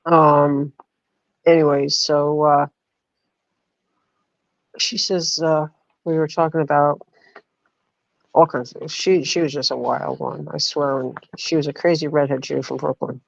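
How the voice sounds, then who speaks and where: Gravelly woman streamer, rambling story. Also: low-pitched, flat delivery, unhurried, pauses often, no echo. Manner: rambling, full of fillers, reads chat aloud. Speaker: livestream host. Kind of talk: casual storytelling on a livestream. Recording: dull lo-fi stream audio.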